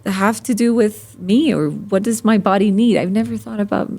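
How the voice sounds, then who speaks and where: A woman hosting a podcast interview, animated and quick to laugh, with frequent short affirmations. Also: medium pitch. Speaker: podcast host. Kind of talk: interview conversation.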